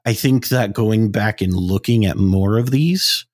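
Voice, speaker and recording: A man's voice: on the low side, unhurried, darkish tone, dry recording, studio quality. A man co-hosting a casual podcast, talking thoughtfully with hedges and restarts. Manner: thoughtful, hedging, frequent fillers and restarts. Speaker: podcast co-host.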